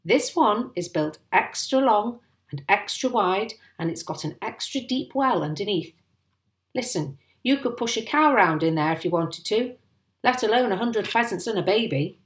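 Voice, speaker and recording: A woman's voice: medium pitch, lively intonation, moderate pace, natural voice. A woman voicing a proud, sly countryman father. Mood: pleased. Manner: proud, conspiratorial. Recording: roomy echo.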